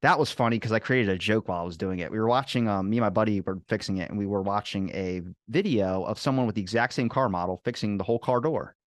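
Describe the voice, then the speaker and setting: A man's voice: on the low side, fast talker, few pauses, no echo, clean studio sound. A young man in casual podcast chat, rambling through stories and swearing freely. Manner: rambling storyteller, swears freely, animated quoting. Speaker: podcast host.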